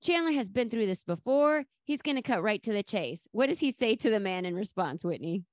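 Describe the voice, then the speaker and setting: A woman's voice: medium pitch, brisk, no room sound, studio quality. A woman co-hosting a podcast, chatting casually about a sitcom episode and acting out quoted lines. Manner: lively, acts out quoted lines with laughter. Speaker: podcast co-host.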